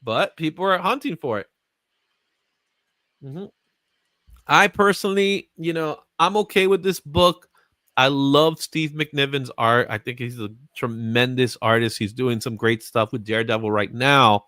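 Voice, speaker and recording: A man's voice: medium pitch, unhurried, long pauses, a bit bright, dry recording. A man hosting a comics market show, chatting casually and laughing often. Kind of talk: casual chat.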